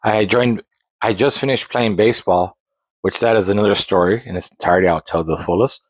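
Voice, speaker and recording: With a lowish voice and a fairly quick delivery, a man in his forties hosts a podcast and rambles through a long personal story, full of restarts and digressions. The casual monologue has no room sound.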